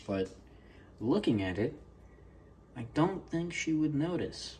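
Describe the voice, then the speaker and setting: A man's voice: fairly high pitch, very animated, takes it slowly, long pauses, background noise. A man casually vlogging at home in his kitchen, rambling, joking and teasing his dogs as he works.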